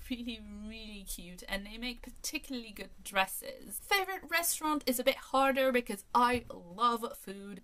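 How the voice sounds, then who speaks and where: A woman from France in her thirties, whose first language is French, chats through a list of questions in a vlog. Her voice sits a little high, and she sounds eager and friendly as she reads each question aloud before answering. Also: fairly bright tone. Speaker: book vlogger. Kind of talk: casual tag video answers.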